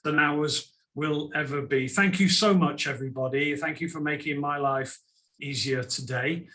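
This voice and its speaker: A man with a higher-than-usual voice hosts an online business panel over a video call. He chats his way through it, repeating words as he goes and tossing in quick asides. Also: a bit bright. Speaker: webinar host.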